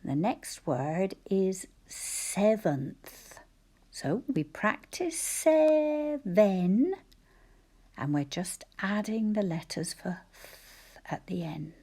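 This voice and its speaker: Slow, husky woman teacher dictating spelling. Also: lowish voice, a little mellow. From Scotland. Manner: slow, careful, often whispering syllables.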